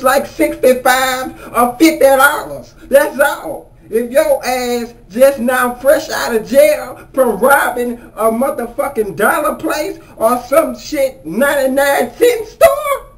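A man doing a comedic rant as a vlogger, exasperated and full of profanity. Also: extremely high pitch.

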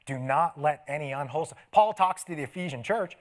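A middle-aged man preaching a sermon as pastor, telling stories with laughs and dropping to soft asides. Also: fairly high pitch, brisk. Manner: animated storytelling with laughs and sudden soft asides. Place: church sanctuary.

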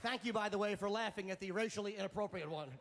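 A man doing a stand-up comedy set on a club stage, sardonic and profane, landing his punchlines deadpan. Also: high voice, fast talker, gravelly, a crowd in the background, noisy background.

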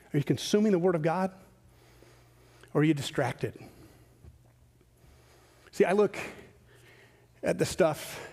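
Middle-aged male pastor from West Michigan, sermon, high-pitched, long church-hall reverb. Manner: animated, rhetorical questions, swings between loud emphasis and quiet asides.

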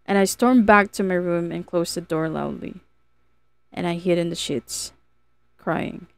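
A woman narrating a first-person novel as an audiobook, in a measured, earnest reading. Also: lowish voice, gravelly, clear, resonant tone, no echo.

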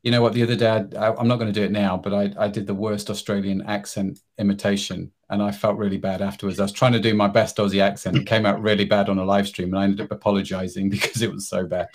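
A man's voice: on the low side, level tone, fast talker, few pauses. A man hosting a company livestream, chatty and self-deprecating, with many fillers as he welcomes viewers and reads out questions. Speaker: livestream host. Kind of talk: casual livestream chat.

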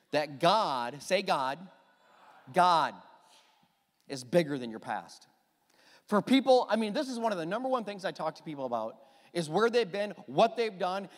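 A man preaching a sermon as pastor, emphatic and animated, with quick asides to the congregation. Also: on the high side, long reverb tail.

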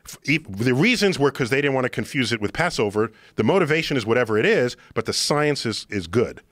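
A man explaining something to a podcast host in an emphatic, excitable lecturing manner. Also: mid-range voice, fairly quick, no room sound, studio quality. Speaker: podcast guest. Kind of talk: animated explanation in conversation. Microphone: studio podcast microphone.

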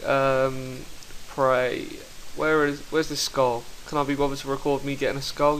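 A young man commentating his own online game fights, excitable and quick to swear, talking into a headset mic. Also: medium pitch, slight background noise, rough recording. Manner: excitable, swears, bursts into shouts. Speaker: gaming commentator. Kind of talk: live gameplay commentary.

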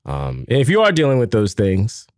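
Male co-host, playful storyteller, lively delivery, dry studio sound. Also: medium pitch, moderate pace, dry recording. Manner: animated, jokey storyteller who laughs at his own puns. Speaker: podcast co-host. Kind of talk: casual conversational podcast chat.

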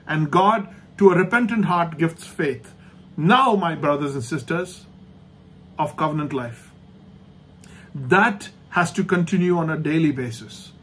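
A man preaching a sermon as pastor, emphatic and repetitive, slowing down to stress points and dropping to a soft hush at the end of each thought. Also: fairly high pitch, husky. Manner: emphatic, repeats key phrases, slows down for stress. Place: online church service.

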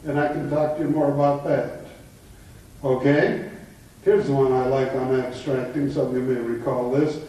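A man's voice: medium pitch, steady tone, moderate pace, warm tone, slight background noise. A man giving a lecture, telling jokes and anecdotes in an easy storytelling way. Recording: echoey room from far off.

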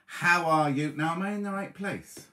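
Man, fairly high voice, chatty live-stream host greeting viewers by name. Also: moderate pace. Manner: chatty, reading out viewer messages, warm greetings with "my love". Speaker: host of a live online coffee morning.

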